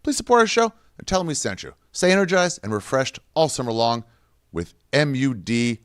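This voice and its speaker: A man's voice: medium pitch, very animated, a little fast, fairly bright tone, clean tone, no echo, studio quality. A male podcast host reading an ad in a jokey, profane way with silly asides. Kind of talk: ad read.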